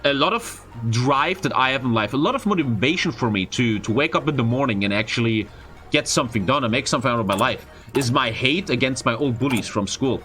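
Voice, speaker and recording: A young man, a streamer, telling a story in casual, profane, expressive chat. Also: medium pitch, quick pace, faint music behind. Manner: profane, expressive, frequent swearing.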